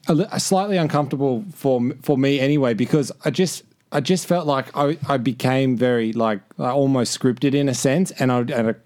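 A young man, a radio host being interviewed, chatting casually in a halting, self-deprecating way full of restarts. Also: mid-range voice, darkish tone. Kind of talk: casual podcast chat.

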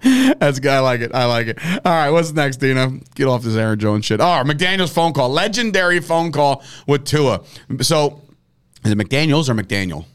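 A man's voice: medium pitch, big pitch swings, moderate pace, clean tone. A man hosting a sports talk show, joking and rambling in casual chat, laughing often.

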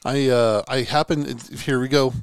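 A man's voice: mid-range voice, fairly even intonation, a little slow, clean tone, no echo, studio quality. A man co-hosting a casual sports podcast, telling long rambling stories with many restarts. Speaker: podcast co-host.

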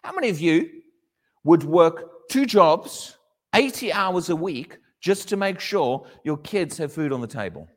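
A man preaching a sermon to a congregation, animated and questioning his listeners, often acting out little dialogues. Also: a little high, unhurried, in a large hall.

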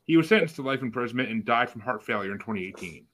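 A man's voice: medium pitch, lively intonation, very fast, a loud crowd, poor audio. A man hosting a casual group podcast, reading out facts and asking each co-host for a vote. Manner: reads out facts, then polls each co-host.

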